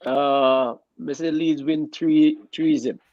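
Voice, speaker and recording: A man's voice: on the high side, fairly even intonation, slow, darkish tone, dry recording, lo-fi sound. A man giving football predictions in drawling, laughing patois. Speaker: panelist. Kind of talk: casual chat.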